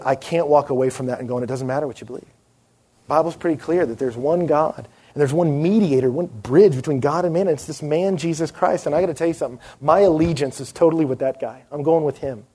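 Animated young man preaching. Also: a little high, husky. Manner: animated storyteller acting out quoted voices. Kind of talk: sermon with storytelling.

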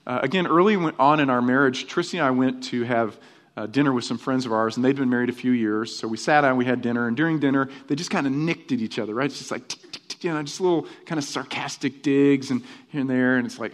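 A middle-aged man preaching a conversational sermon as pastor, animated and often tagging his points with rhetorical questions. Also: mid-range voice, fast talker.

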